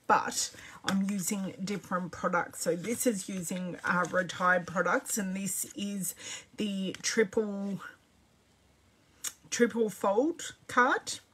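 A woman's voice: mid-range voice, a bit bright, slight background noise. A middle-aged Australian woman hosting a casual crafting livestream, chatting and greeting viewers by name as she works. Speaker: craft demonstrator livestream host.

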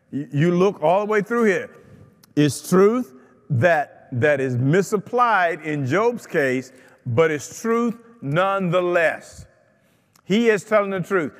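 Slow, fervent preaching man in an echoey church. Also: a little high. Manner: fervent preaching with repeated phrases. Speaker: pastor. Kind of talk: sermon. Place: church sanctuary.

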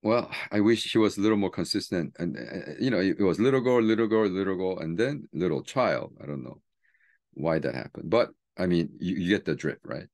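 A man, a seminary teacher and pastor, chatting casually about a book and reading its poems aloud slowly and softly. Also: low voice, lively intonation. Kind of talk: book talk with poetry reading.

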